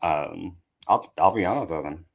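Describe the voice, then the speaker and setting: A man's voice: sits low, normal speed, gravelly, husky. A young man and comedian, telling candid, self-deprecating stories from his life in a casual podcast chat. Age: young adult. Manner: candid, self-deprecating, acts out family voices. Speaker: comedian guest.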